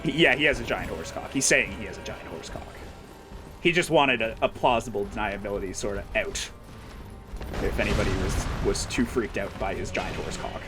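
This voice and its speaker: A man's voice: fairly low pitch, moderate pace, music in the background. A man livestreaming and reading chat, rambling casually with wry, profane humor and lots of fillers.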